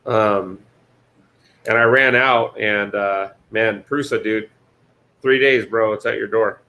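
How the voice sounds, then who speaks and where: A man's voice: fairly low pitch, steady tone, slow, bright, forceful tone, slight background noise. A man hosting a casual livestream, joking and swearing loosely while wiring a printer. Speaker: host building a printer enclosure.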